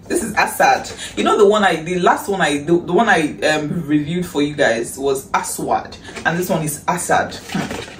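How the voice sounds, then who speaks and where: A woman with a Nigerian accent chatting in a casual haul vlog, excitable and gushing, breaking into shrieks and breathy exclamations. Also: fairly low pitch, moderate pace. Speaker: vlogger. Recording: echoey room, distant mic, faint hiss.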